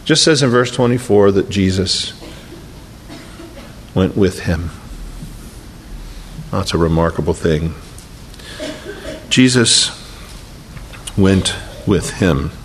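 A man preaching a sermon and telling the story with feeling, often dropping to a slow, quiet hush for emphasis. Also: low-pitched, animated, a little hiss or hum. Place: church sanctuary. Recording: long reverb of a large hall.

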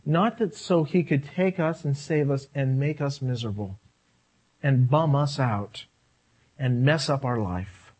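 A man preaching a sermon, animated, swinging between loud and quiet and acting out quoted voices. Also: medium pitch, unhurried. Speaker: pastor.

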